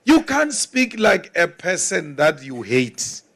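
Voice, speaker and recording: A man delivers a political speech. He speaks slowly and deliberately, in a fairly high voice, and leans hard on each point. Now and then he slips into mocking asides. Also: huge pitch swings, creaky, fairly bright tone. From South Africa. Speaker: political leader.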